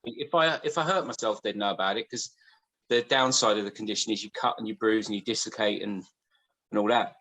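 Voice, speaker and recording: A man's voice: lowish voice, brisk, pushed and bright, rough recording. A man co-hosting a casual podcast, telling long, rambling anecdotes. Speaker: podcast co-host. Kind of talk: casual chat.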